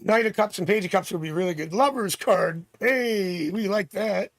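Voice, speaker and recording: A man from Canada hosting a live tarot stream, chatting with viewers and thinking out loud as he reads cards. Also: sits high, normal speed, no room sound. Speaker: tarot reader and livestream host.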